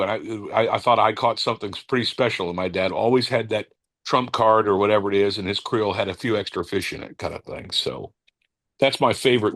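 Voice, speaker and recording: Low-voiced man telling fishing stories. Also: no room sound. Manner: halting, with many restarts when searching for words; calm, unhurried anecdote telling. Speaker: cigar company owner, podcast guest. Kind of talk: casual interview storytelling.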